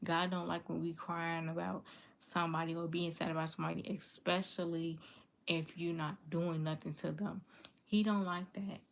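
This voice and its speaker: Woman vlogging straight to her viewers, aave speech, gravelly low voice, says things over and over like she means it. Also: little pitch movement, moderate pace. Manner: earnest, repetitive, emphatic. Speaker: livestream vlogger reading viewer comments. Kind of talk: casual confessional talk to viewers.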